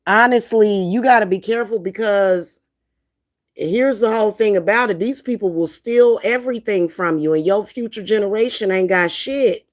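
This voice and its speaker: A woman's voice: mid-range voice, moderate pace. A middle-aged woman, ranting in a casual vlog, blunt, heated and profane. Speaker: spiritual reader and vlogger.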